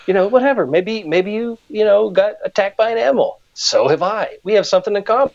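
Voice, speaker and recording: Male podcast host, slightly high and very animated storyteller, lo-fi audio. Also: fairly quick, gravelly. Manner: animated storytelling, acting out childhood dialogue. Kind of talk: casual chat.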